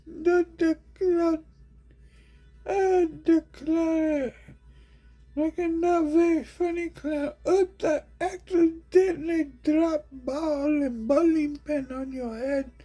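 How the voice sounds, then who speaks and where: A man voicing a shrill, dim-witted caricature of an ordinary person in a mocking falsetto, drawn out and sing-song. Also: fairly even intonation, slow, mellow, soft background music. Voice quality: squealing falsetto, whiny and mocking.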